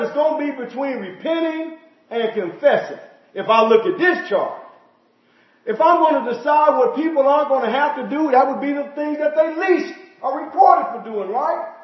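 A high-pitched male preacher delivering a sermon with emphatic force, firing off rhetorical questions and citing scripture by chapter and verse. The recording is dull and lo-fi, with the top end muffled. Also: expressive, measured pace.

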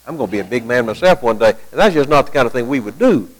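A man preaching acts out a boastful young male disciple, with a lower, quieter and quicker voice than his own. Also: lively intonation, close to an everyday voice, rough recording. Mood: indignant.

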